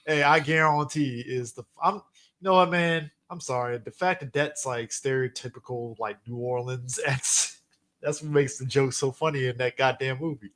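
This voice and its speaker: A man co-hosting a podcast, chatting casually with quick bursts, loud exclamations and laughter. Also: mid-range voice, steady tone. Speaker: podcast co-host. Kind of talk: casual chat.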